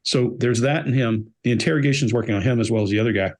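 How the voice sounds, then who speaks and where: A middle-aged man talks as a regular on a body language panel. He is blunt and emphatic and drives his points home by repeating them, in a voice of ordinary pitch. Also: quick pace. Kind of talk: casual panel discussion.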